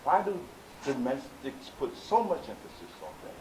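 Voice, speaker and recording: A man gives a preaching lecture to a live audience, talking to his listeners directly. He drops into low asides, then rises to loud, emphatic exhortation. The sound is roomy and echoey, with a faint hiss under the voice. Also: huge pitch swings, normal speed. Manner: conversational, addresses listeners directly. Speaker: spiritual teacher. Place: meeting room with live audience.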